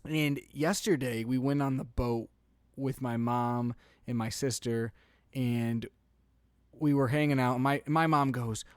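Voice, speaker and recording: A young man co-hosting a podcast, telling animated family stories with frequent laughs. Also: medium pitch, a little slow, clean tone, no room sound. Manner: animated storytelling, laughs often. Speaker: podcast co-host. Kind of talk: casual chat.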